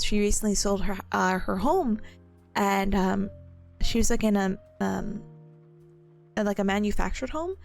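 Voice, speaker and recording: A young woman streamer with a creaky, medium-pitched voice chats casually with her viewers on a live stream. She giggles often and slips into playful silly voices.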